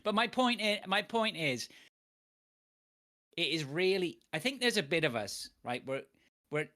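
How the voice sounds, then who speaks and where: A man co-hosting a casual gaming podcast, ranting in an animated way with frequent restarts. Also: fairly high pitch, unhurried. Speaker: podcast co-host. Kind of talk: casual chat.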